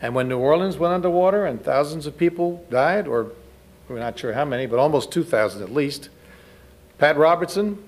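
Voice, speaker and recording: A man giving a spoken lecture to a live audience, conversational, often turning to ask the listeners questions. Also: a little high. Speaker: lecturer speaking to a church audience.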